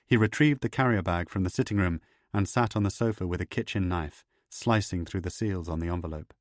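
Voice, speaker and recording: A man narrating a thriller audiobook in a measured, steady way. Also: sits low, dry recording, clean studio sound.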